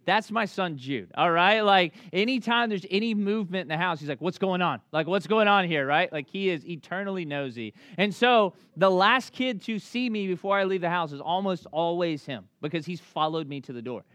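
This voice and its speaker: A man preaching a sermon as a pastor, telling stories conversationally and swinging between loud bursts and hushed lines. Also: high-pitched, lively intonation, normal speed, few pauses, smooth, no room sound.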